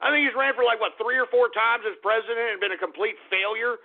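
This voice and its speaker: A man hosting a talk radio show, ranting and swearing, swinging from mutters to shouted outbursts. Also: very high-pitched, fairly even intonation, quick pace, creaky. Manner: ranting, profane, bursts into shouting. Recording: tinny phone-like radio audio.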